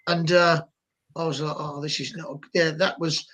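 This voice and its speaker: A man's voice: a little high, flat delivery, moderate pace, fairly bright tone. A man ranting animatedly and indignantly about football on a casual podcast. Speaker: podcast guest.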